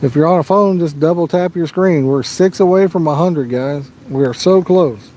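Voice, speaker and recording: A man's voice: on the high side, normal speed, dark tone. A Midwestern American man hosting a fishing livestream outdoors by a lake, chatting casually and answering viewers' questions. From Midwest USA.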